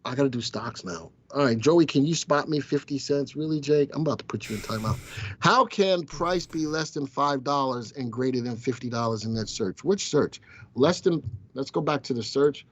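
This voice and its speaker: A man with a medium-pitched voice speaks at normal speed on a lo-fi recording while hosting a casual live stock-market show. He's playful, teasing his viewers and crew and bantering with the chat as he comments.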